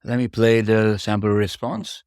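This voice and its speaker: A man's voice: lowish voice, level tone, a little slow, a little mellow, smooth, no echo, clean studio sound. A man teaching exam speaking skills, explaining step by step and addressing learners directly in a patient way.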